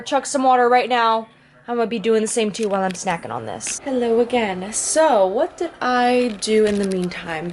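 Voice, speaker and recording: Bubbly and chatty, a young woman with a voice on the high side vlogs from home about prepping for a competition, speaking into a handheld camera and often dropping "dude." The recording has a little hiss or hum.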